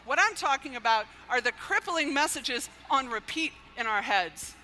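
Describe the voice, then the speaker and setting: A woman giving an earnest inspirational speech, measured and softly emphatic. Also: high-pitched, expressive. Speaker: speaker giving an inspirational talk.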